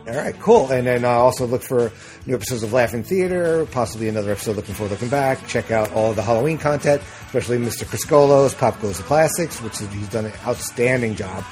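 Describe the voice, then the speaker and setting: A man's voice: medium pitch, quick pace, a little mellow, soft background music. A middle-aged man hosting a podcast in casual chat, rambling with lots of fillers and restarts. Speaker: podcast host.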